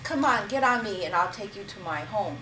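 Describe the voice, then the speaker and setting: A woman's voice: mid-range voice, animated, a little fast, pushed and bright, distant mic. A woman voicing a kindly, welcoming talking horse, recorded from afar in an echoey room with background noise.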